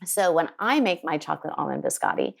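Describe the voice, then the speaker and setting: A woman winemaker telling an animated story in an interview, acting out the people she quotes. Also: sits low, fast, gravelly. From United States. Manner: lively, quotes people in put-on voices. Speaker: winemaker guest. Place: her home in Sonoma County.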